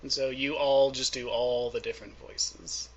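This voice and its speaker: A man's voice: medium pitch, level tone, moderate pace, lo-fi sound. A man hosting an interview, asking questions in a chatty, friendly way with hesitant fillers. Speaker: interviewer host.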